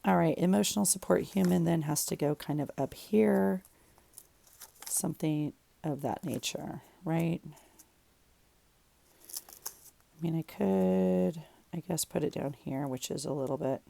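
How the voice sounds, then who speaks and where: Deep, gravelly woman chatting while crafting. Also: unhurried, long pauses, mellow. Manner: rambling, thinks aloud while working. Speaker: journaling vlogger. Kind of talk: casual chat while crafting. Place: home craft room.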